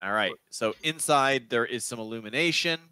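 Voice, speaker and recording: A man running a tabletop game over a video call, narrating in a halting way with many restarts. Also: mid-range voice, bright, forceful tone, clean tone, dry recording. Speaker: game master. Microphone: video call mic.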